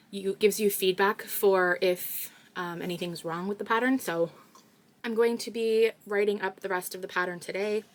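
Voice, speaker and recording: A young woman from Canada, a crochet vlogger who chats casually and rambles with lots of fillers while she works, recorded on her phone. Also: mid-range voice. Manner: chatty and rambling, with many fillers.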